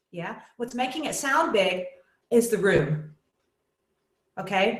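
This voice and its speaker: A woman teaching a singing lesson in a webinar, explaining exercises and demonstrating with short sung syllables. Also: mid-range voice. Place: room with echo. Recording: roomy echo.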